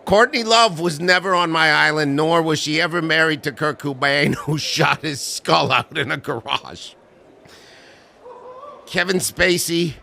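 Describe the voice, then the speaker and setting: Dude playing a smarmy rich guy rambling denials, bright voice, kinda high. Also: unhurried, creaky, full character voice. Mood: mock-earnest. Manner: rambling, mock-earnest denials with bursts of silly character voices. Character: smarmy middle-aged male tycoon denying everything. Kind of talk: comic impression.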